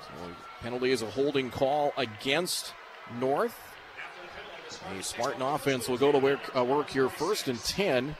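A man calling a football game as play-by-play announcer on radio, rattling off yard lines quickly and shouting on big plays. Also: mid-range voice, crowd noise. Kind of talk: radio sports commentary. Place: stadium broadcast booth. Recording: radio broadcast with steady noise.

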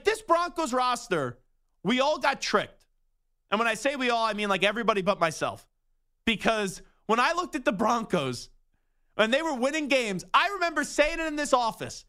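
Young male sports radio host, high, bright voice, opinionated and emphatic. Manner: animated, emphatic, rapid rhetorical questions. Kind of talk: opinionated sports talk monologue.

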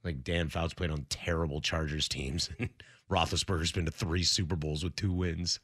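A man in his thirties hosting a casual sports talk show, telling animated stories and slipping into quick impressions. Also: sits low. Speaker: sports radio host.

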